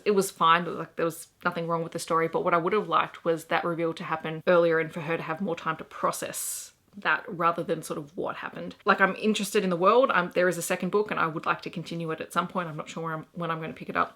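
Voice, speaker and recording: A woman's voice: on the low side, pushed and bright. A young Australian woman chatting through her recent reads in a casual, enthusiastic and rambling book vlog. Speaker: book vlogger.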